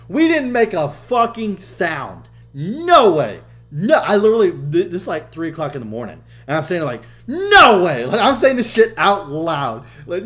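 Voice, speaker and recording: A young man co-hosting a podcast, telling stories in casual chat, swearing a lot and getting loud when he quotes people. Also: mid-range voice. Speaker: podcast co-host.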